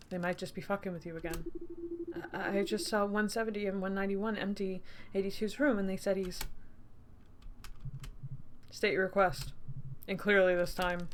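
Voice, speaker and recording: A woman's voice: medium pitch, slight background noise, natural voice. A woman voicing a stern male military captain who scolds coldly in clipped, commanding lines.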